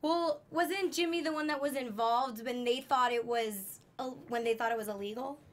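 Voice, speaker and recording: A woman's voice: fairly high pitch, normal speed. A woman co-hosting a wrestling after-show, chiming in with short remarks. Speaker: co-host. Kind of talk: casual chat.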